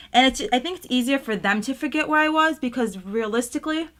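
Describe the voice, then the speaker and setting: A woman's voice: high voice, quick pace, a bit bright. A young woman vlogging casually while doing her makeup at home, rambling with lots of fillers as she talks about being grateful and sometimes near tears. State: tearful at times. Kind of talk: casual get-ready-with-me chat.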